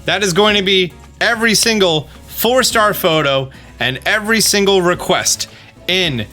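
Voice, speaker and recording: Bright-voiced man narrating a game walkthrough. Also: high-pitched, moderate pace, soft background music. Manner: exasperated, talks to the game character; instructive, repeats "okay?". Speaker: gaming guide host.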